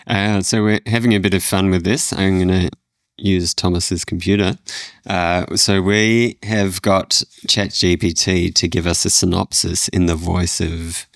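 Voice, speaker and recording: A man's voice: low-pitched, level tone, a little slow, vocal fry, no room sound. A man co-hosting a casual film podcast, giving dry short replies and laughing easily.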